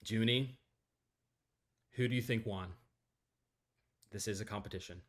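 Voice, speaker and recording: A man co-hosting an improvised comedy chat, deadpan and competitive in his banter. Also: lowish voice, measured pace. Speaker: co-host.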